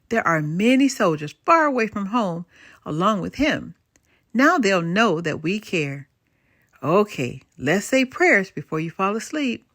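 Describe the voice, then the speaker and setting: A kind old grandmother in a storybook, voiced by an older woman reader, talking gently and soothingly at bedtime. Lively rise and fall, with a close, dry sound. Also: medium pitch, no room sound.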